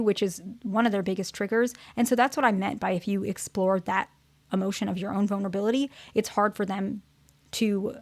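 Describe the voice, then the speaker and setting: A woman's voice: mid-range voice, gravelly. A woman therapist giving casual relationship advice to her viewers. She talks conversationally, often checks in by asking "okay?" or "right?", and corrects her word choices as she goes. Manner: corrects herself mid-sentence while searching for words.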